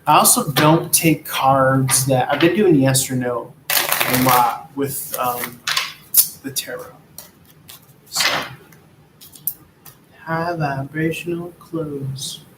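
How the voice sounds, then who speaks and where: A man's voice: medium pitch, takes it slowly, pauses often, reverberant, noisy background. A man giving a casual, rambling tarot reading, laid-back and drifting from topic to topic. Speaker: tarot reader.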